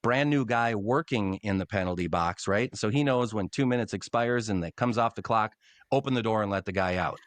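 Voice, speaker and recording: A middle-aged man, a longtime public address announcer, telling animated stories in a casual podcast interview. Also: on the low side, a little fast, dry recording. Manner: animated storyteller, acts out quotes.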